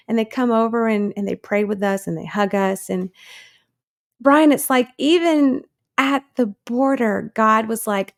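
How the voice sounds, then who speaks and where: Her voice on the high side and her pace moderate, an American woman in her thirties tells her own story as an interview guest. She speaks earnestly and acts out those she quotes.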